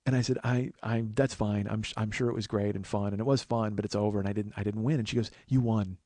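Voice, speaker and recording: A fast-talking podcast host with a dark, low voice and fairly even intonation recounts a long personal story in a rambling way. He restarts often and acts out other people's words, and there is no echo.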